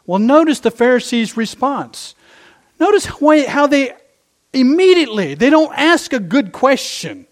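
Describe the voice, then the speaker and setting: A man's voice: very high voice, big pitch swings, unhurried. A middle-aged male pastor preaching a sermon, impassioned and emphatic, repeating his phrases for effect.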